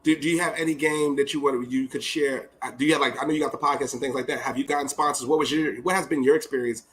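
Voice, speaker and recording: A man's voice: medium pitch, steady tone, fast, a bit bright. A man who hosts a podcast, talking in a casual, enthusiastic way and laughing often. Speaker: podcast host.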